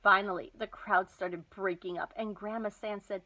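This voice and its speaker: Woman reading aloud, chapter-book narration, expressive, mid-pitched voice. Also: moderate pace, low-quality recording. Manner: lively, expressive storytelling. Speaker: storybook reader.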